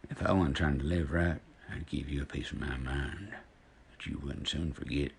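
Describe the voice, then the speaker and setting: A man's voice: a bass voice, moderate pace, gravelly, slightly rough. A man telling folksy stories on a live stream, blunt and indignant.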